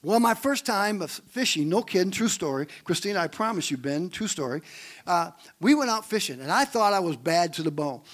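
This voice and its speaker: A male pastor preaching a sermon, telling stories and asking the congregation questions. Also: sits high. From Great Lakes region of the US. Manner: animated storytelling preacher, asks the congregation questions. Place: church.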